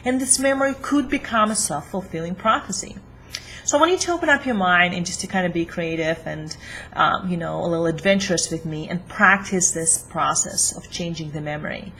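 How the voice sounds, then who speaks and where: A woman's voice: on the low side, animated, normal speed, fairly bright tone, slight background noise. A woman working as a relationship coach, leading a guided self-help lesson in an encouraging, coaching way, with fillers.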